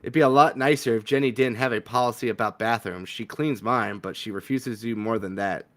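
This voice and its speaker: A blunt, grumpy young woman from a story game, read out by a man in a plain mid-range voice. She brushes off every complaint with flat dismissal. Her delivery is clipped and impatient. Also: mid-range voice, brisk, close to an everyday voice.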